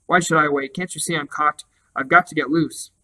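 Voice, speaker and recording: A man voicing a foolish, frightened young male crow in a storybook reading, speaking in a hurried, pleading way. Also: on the high side, steady tone, pushed and bright, rough recording. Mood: anxious.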